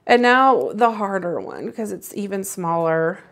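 A woman's voice: medium pitch, expressive, unhurried, fairly bright tone. A woman co-hosting a casual crafting livestream, playful and self-mocking as she explains each step while working. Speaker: co-host.

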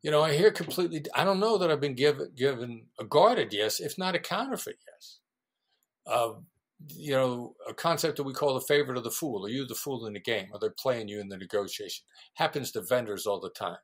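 Guy explaining negotiation stuff, really animated, does the voices of people he quotes, mid pitch. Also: fairly quick. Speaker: guest negotiation expert. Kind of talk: conversational interview explanation.

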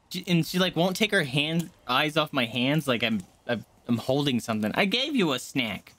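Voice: mid-range voice, very animated, moderate pace, few pauses, fairly bright tone. A game streamer chatting casually on a live stream, often cooing baby talk at a pet dog between gameplay remarks.

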